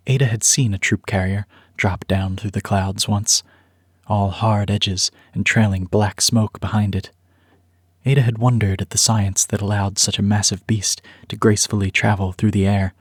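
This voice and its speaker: Man, audiobook narration, measured and even, low husky voice, dry close mic. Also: no room sound.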